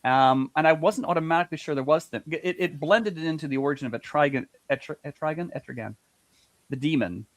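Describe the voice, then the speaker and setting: A man's voice: fairly high pitch, fast talker, hardly any pauses, no room sound. A man co-hosting a casual comics panel chat, stumbling through many restarts and repeated words. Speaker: podcast co-host.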